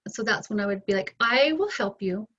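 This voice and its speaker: A middle-aged woman telling her story as an interview guest, candid and animated, acting out both sides of past conversations. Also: medium pitch, brisk, husky. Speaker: interview guest, bereaved mother. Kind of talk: emotional personal storytelling. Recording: dull lo-fi sound.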